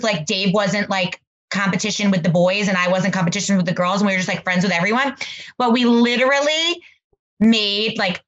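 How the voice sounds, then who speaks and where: Brief: woman podcast host, warm rambling storyteller, slightly dull audio. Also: mid-range voice. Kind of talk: casual interview chat.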